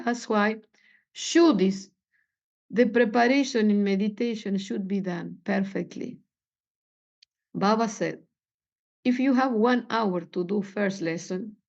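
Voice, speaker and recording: Gravelly-voiced woman explaining meditation, lots of pauses and ums, kinda dull lo-fi sound. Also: medium pitch, a little mellow. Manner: halting, searching for words, many fillers. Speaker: spiritual teacher. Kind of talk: meditation teaching talk. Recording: dull lo-fi recording.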